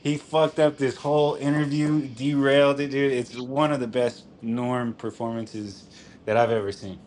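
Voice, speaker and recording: A man's voice: medium pitch, level tone, normal speed, darkish tone, slight background noise. Rambling, laughing male streamer. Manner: rambling, profane storytelling peppered with "dude"; laughs often while telling a story. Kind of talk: casual chat.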